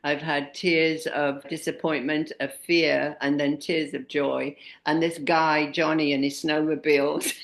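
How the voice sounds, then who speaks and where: A woman in her sixties telling animated anecdotes as an interview guest, often laughing at herself. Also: deep voice, unhurried, few pauses. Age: 60s. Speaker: interview guest, speaker and expedition leader. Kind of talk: casual interview storytelling.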